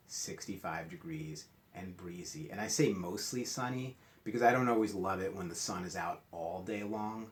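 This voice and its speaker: A male teacher leading a morning meeting lesson for young children, explaining step by step in a patient, friendly, playful way. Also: deep voice.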